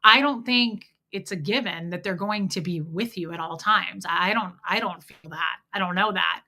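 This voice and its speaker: A woman's voice: fairly low pitch, moderate pace, vocal fry, bright, forceful tone. A woman hosting a livestream, telling personal stories in a chatty way and reading out viewer comments. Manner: chatty storytelling, frequent "like" fillers. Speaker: livestream host.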